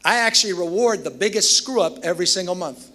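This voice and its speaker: Guy giving a graduation speech, fairly high voice, jokey and emphatic stories. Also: fast, sharp tone. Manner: emphatic, storytelling, self-deprecating humor. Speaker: commencement speaker. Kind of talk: commencement speech with anecdotes.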